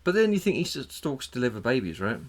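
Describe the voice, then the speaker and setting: A man's voice: mid-range voice, sing-song, fast talker. A man co-hosting a casual podcast, sharing trivia in a chatty way and swearing freely. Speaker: podcast co-host. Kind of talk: casual banter.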